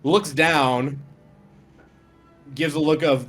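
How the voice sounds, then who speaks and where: A man's voice: mid-range voice, moderate pace, soft background music. A young man narrating as game master for friends on a voice call, laughing often. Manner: laughing often, lively storytelling.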